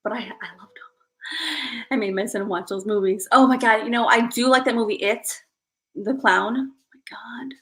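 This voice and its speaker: A woman's voice: fairly high pitch, moderate pace, a bit bright, low-quality recording. A woman in her thirties chatting casually with her stream viewers, rambling and self-deprecating. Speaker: live streamer.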